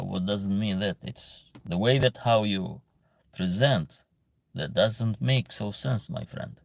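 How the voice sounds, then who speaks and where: Man, low voice, gravelly, earnest, lecturing, broken English, livestream chat. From Albania. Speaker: livestream host reading chat.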